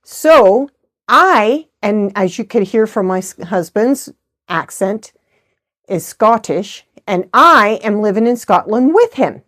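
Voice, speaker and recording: A woman's voice: mid-range voice, animated, slow pace, fairly bright tone. Chatty middle-aged woman. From United States. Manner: chatty, rambling, good-humored. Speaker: host of a knitting channel. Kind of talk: casual chat.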